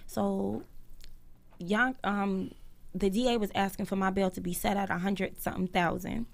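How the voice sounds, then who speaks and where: Gravelly-voiced woman telling her story. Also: medium pitch, steady tone, moderate pace. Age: 30s. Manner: earnest storytelling, acting out others' quotes. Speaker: guest. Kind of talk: personal testimony on a live talk stream.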